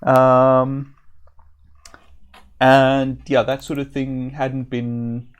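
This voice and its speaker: A man streaming a classic role-playing game, casually thinking aloud with frequent pauses and fillers. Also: mid-range voice, little pitch movement, smooth. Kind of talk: live-stream gameplay commentary.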